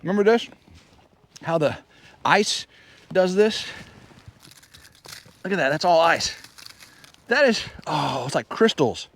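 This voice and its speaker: A man's voice: on the high side, slow pace, long pauses. A man rambling chattily on an outdoor vlog while hiking through snowy woods, a little out of breath. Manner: excitable, chatty, wanders between thoughts. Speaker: vlogger. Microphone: handheld camera.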